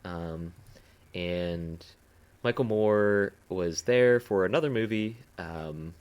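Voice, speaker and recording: A man's voice: sits low, takes it slowly, a little mellow, smooth. A young man co-hosting a podcast in casual chat, joking around and slipping into silly voices. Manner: jokey, slips into silly put-on voices. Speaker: podcast co-host.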